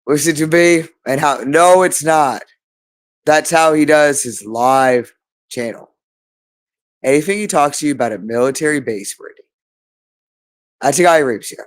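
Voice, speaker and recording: A man's voice: a little high, normal speed, pauses often. A man delivering an agitated, rambling monologue, repeating himself and swearing often. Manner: agitated, repetitive, profane.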